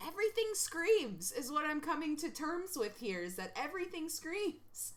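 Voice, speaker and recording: A woman streamer chatting casually while reacting to videos, giggly and excitable, rambling from thought to thought. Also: sits high, normal speed.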